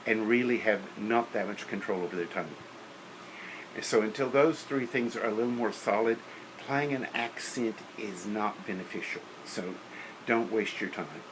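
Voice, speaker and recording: A man's voice: fairly low pitch, noisy background. A man lecturing on teaching beginner band, practical and opinionated, counting and singing rhythms aloud. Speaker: music teacher.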